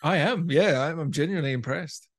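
A man's voice: a little high, fairly quick, a little hiss or hum. A man hosting an interview, playful, teasing and enthusiastic. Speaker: podcast host. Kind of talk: casual interview.

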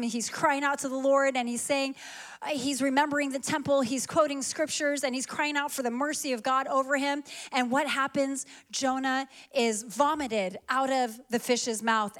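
A woman preaching a sermon, retelling a story in a lively way and acting out the characters' lines. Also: on the high side.

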